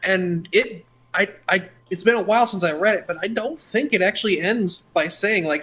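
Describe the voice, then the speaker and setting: A man's voice: high-pitched, moderate pace, a bit bright, husky. A man in casual podcast chat, hesitant and stammering as he recalls something. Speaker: podcast guest.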